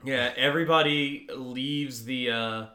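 A man's voice: medium pitch, steady tone, unhurried, bright, forceful tone. Male podcast co-host, casual recap chat, filler-heavy and wry, recorded in a roomy space. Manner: rambling, with many fillers and wry jokes.

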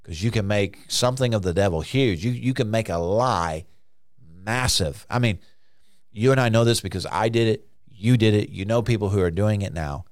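A man preaching a conversational sermon, now and then acting out frantic voices in sudden high bursts. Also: moderate pace, dry recording, studio quality.

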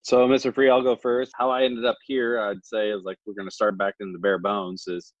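A man's voice: fairly low pitch, little pitch movement, brisk, no room sound, lo-fi sound. A young man, telling his story as an interview guest and acting out the dialogue. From Missouri Ozarks. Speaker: guest, special operations graduate.

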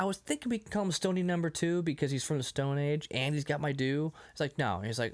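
A man's voice: mid-range voice, fairly quick. A man co-hosting a casual movie podcast, acting out scenes in voices and laughing often. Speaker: podcast co-host.

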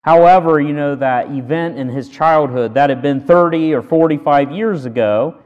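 A man preaching a sermon with earnest emphasis, punching key words loudly between pauses. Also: on the high side, in a large hall, highs cut off. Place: church sanctuary.

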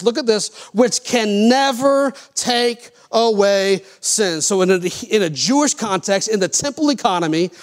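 A man pastor preaching a sermon, reading scripture aloud and putting questions to the congregation. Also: high voice. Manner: animated preacher, reads King James scripture, asks the congregation questions.

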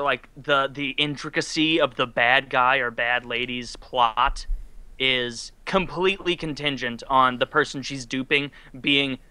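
A man's voice: medium pitch, bright, forceful tone, clean tone, no room sound. A man in casual chat on a video call, blunt and opinionated, swearing freely.

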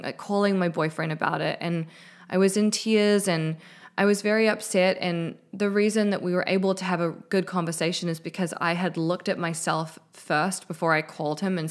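A woman hosting her own podcast, talking candidly and emotionally in a casual solo chat, swearing now and then, into a studio microphone with a mixer. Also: medium pitch. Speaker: podcast host.

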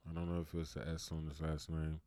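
A man's voice: a bass voice, completely flat delivery, brisk, dark tone, clean tone, dry recording, clean studio sound. A man hosting his own show and talking in a casual, rambling monologue full of "you know" fillers. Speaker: show host.

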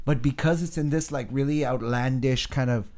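A young man co-hosting a casual podcast chat, animated and jokey, slipping into funny voices. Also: medium pitch, normal speed. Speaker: podcast co-host.

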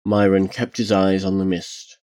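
A man reading a dark fantasy tale aloud in a measured, solemn storytelling manner. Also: sits low, little pitch movement. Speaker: narrator.

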